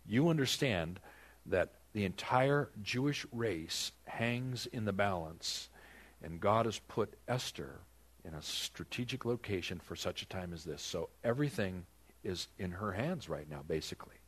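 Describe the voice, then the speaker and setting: A man's voice: fairly low pitch, animated, measured pace, slightly rough. A man preaching a Bible-teaching sermon, asking rhetorical questions and dramatizing the text.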